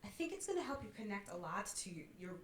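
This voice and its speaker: This woman speaks at a medium pitch in a sing-song way, talking fast while she coaches a student in a college master class. She stays encouraging and demonstrates with sung sobs along the way. A little hiss or hum sits under the roomy hall's faint ambience.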